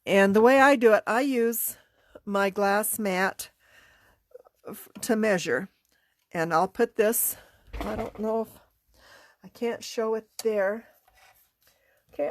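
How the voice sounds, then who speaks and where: Congested middle-aged woman, unhurried and chatty, craft tutorial host. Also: medium pitch. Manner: chatty, unhurried, talks while working. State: congested, sniffling. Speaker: card-making class teacher.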